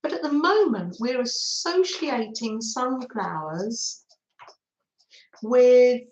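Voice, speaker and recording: An older woman, hosting a craft livestream and chatting warmly to viewers by name as she reads their comments. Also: fairly high pitch, animated, slow pace, reverberant, poor audio.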